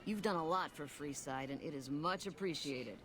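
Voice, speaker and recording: A woman voicing a brisk, no-nonsense saloon owner who talks in a blunt, businesslike way. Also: low-pitched, fairly bright tone.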